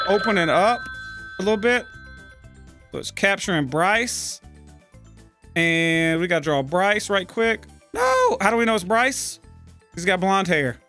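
A man hosting a casual gaming video, swearing freely and talking himself through a drawing as he goes. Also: high-pitched. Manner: profane, narrates his drawing out loud.

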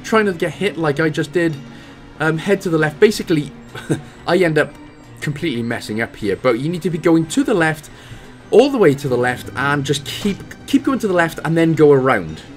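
A man's voice: a little high, expressive, a little fast, soft background music. A Welsh man giving casual, chatty commentary over a video game walkthrough, with self-deprecating, apologetic asides.

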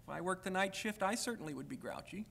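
A man's voice: high voice, expressive, fast, creaky, fairly bright tone. A man giving a university lecture, speaking candidly in the first person and at times reading aloud from his own writing.

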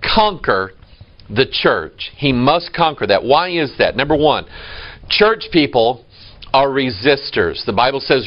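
A man's voice: mid-range voice, sing-song, takes it slowly, lo-fi sound. Emphatic Midwestern man preaching. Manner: preacherly, emphatic, quoting scripture. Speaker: pastor. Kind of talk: sermon. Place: church.

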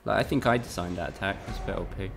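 A man's voice: deep voice, racing, gravelly, soft background music. A young man from Spain, chatting casually with his viewers and swearing freely while he streams a game. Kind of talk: casual live-stream commentary.

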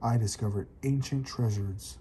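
A man voicing an old male rabbit explorer with a cane, recounting adventures slowly in a read-aloud storybook. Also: fairly low pitch, warm tone, a little hiss or hum, lightly acted. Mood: proud.

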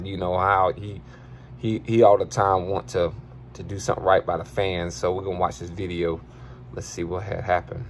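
A man playing a goofy, slang-talking male video commentator, rambling excitably in comedic video commentary with a husky voice. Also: low-pitched, slight background noise, voice pushed down.

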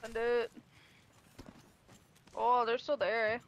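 A woman chatting casually with teammates during an online shooter game, unhurried and relaxed. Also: a little high. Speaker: teammate on voice chat. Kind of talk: casual gaming chat. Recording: loud game gunfire behind voice.

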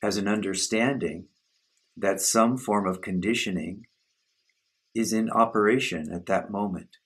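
Slow, deep-voiced husky man teaching. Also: fairly bright tone. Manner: slow, measured, contemplative. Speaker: spiritual teacher. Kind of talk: satsang talk on self-inquiry.

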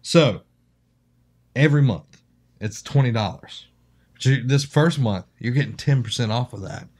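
A man's voice: mid-range voice, normal speed. Joking man co-hosting a podcast. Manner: joking, animated, reads ad copy loosely. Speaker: podcast co-host. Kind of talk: casual podcast chat.

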